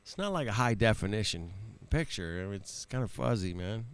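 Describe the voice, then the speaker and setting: Laid-back gravelly host, laughs a lot. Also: male voice, fairly low pitch, animated, brisk. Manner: laid-back, laughs often, swears, says man and bro. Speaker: livestream host. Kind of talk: casual chat.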